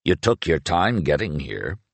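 A man's voice: rumbling low, big pitch swings, unhurried, creaky, no echo, exaggerated voice. A man voicing a dying old soldier who speaks with dry, fond humor in an audiobook. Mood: wry. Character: old male soldier, dying, gruff and affectionate.

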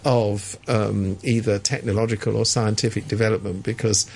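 A man's voice: lowish voice, steady tone, normal speed, darkish tone, breathy edge. A man giving sardonic, opinionated commentary in a radio studio, stammering and restarting as he talks.

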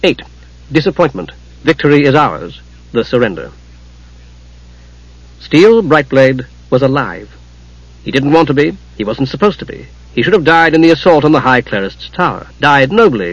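A man narrating an audiobook in a measured storytelling manner. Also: medium pitch, a bit bright, no echo. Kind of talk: scripted narration. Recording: muffled lo-fi recording.

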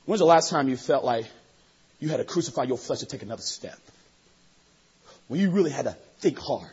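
A man preaching a sermon with an emphatic delivery that swings between hushed and shouted. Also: medium pitch, expressive, brisk, pauses often, husky. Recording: dull lo-fi sermon recording.

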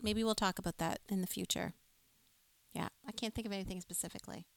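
A woman's voice: medium pitch, animated, moderate pace, bright, forceful tone, no echo. A woman co-hosting a live music stream, chatting with enthusiasm and reading viewer comments aloud. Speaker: co-host of a music livestream. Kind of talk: casual live-stream chat.

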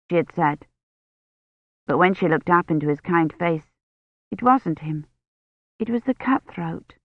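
A woman reading an audiobook in a measured, even storytelling manner. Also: on the low side, no echo. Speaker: audiobook narrator. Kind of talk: scripted narration. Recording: dull, slightly muffled studio audio.

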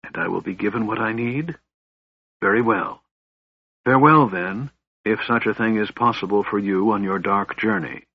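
A man reading the part of a frail young mage in a storybook, speaking quietly and sternly. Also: lowish voice, moderate pace, slightly rough, no echo, highs cut off. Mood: grave, hushed. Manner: quiet, stern, hushed delivery.

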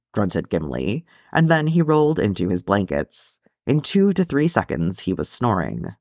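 A man reading a story aloud in a calm, even narration. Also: fairly low pitch, a little slow, no room sound, studio quality. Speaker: audiobook reader.

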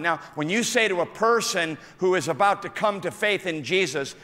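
A male pastor giving an animated sermon, calling out to his congregation. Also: high voice, moderate pace, hardly any pauses. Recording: echoey hall.

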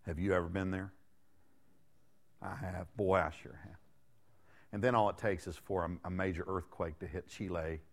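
A middle-aged man preaching a sermon in a conversational way, joking and putting rhetorical questions to the congregation. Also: deep voice. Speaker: guest preacher.

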